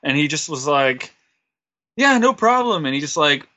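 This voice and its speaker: A man's voice: on the high side, very animated, normal speed, bright, forceful tone, dry recording, dull audio. A man on a podcast as a guest, telling a rambling, self-deprecating story full of fillers. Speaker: podcast guest, wrestler and musician. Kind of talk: casual interview storytelling.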